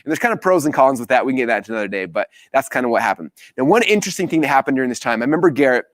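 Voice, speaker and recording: A man's voice: medium pitch, big pitch swings, rapid-fire, dry recording. A man in his thirties giving a live business training, telling stories energetically and acting out the dialogue. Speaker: business coach.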